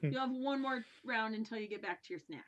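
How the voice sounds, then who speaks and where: Bright-voiced woman game master, halting. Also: a little high, animated, lo-fi sound. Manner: halting narration full of fillers. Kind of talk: narrating a tabletop game over a call.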